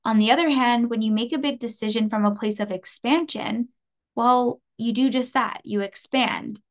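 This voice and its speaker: A woman in her twenties from Canada, hosting a podcast in an earnest, emotional monologue, laughing softly between phrases. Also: fairly high pitch, moderate pace. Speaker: podcast host. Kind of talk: personal reflective monologue.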